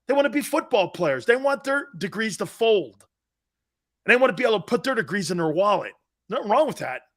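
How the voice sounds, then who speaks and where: A man's voice: high-pitched, very animated, fairly quick. A man from Connecticut hosting a sports talk show, blunt and mocking as he reads viewer comments and rants.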